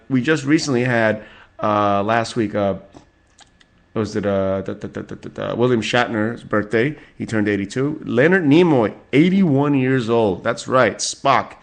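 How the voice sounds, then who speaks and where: A man in his forties hosting a solo podcast, reading out celebrity birthdays with rambling, profane asides and chuckles. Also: mid-range voice. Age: 40s. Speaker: podcast host.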